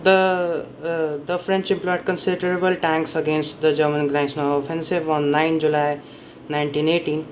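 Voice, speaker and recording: A man's voice: a little high, flat delivery, normal speed, a little hiss or hum, low-quality recording. A man giving a casual spoken summary of a history book, rambling and often correcting himself as he stumbles over names and dates. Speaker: book reviewer.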